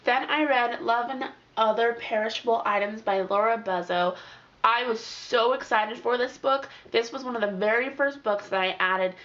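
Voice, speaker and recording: Young woman talking books, chatty and animated, slightly muffled lo-fi sound. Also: on the high side, moderate pace. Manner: chatty, animated, lots of "like" and quoted reactions. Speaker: book reviewer. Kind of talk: casual book review monologue. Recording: slightly dull lo-fi audio.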